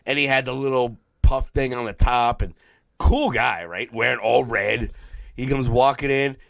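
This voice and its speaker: A man's voice: mid-range voice, moderate pace, gravelly, no room sound, studio quality. Tired New man telling stories. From New York. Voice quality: throaty, tired voice. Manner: profane, animated storyteller who mimics people. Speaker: podcast co-host. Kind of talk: casual storytelling chat.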